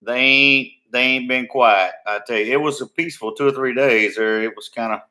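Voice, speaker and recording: Man, middle-aged, drawling, wisecracking, relaxed. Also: medium pitch, normal speed. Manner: drawling, joking, easygoing. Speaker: co-host of a live cooking chat stream. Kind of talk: casual chat.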